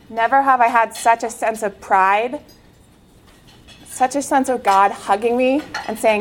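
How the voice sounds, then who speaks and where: A woman who is a former Olympic swimmer gives an inspirational faith talk, telling her story in an earnest, animated way. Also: a little high, moderate pace, a little hiss or hum.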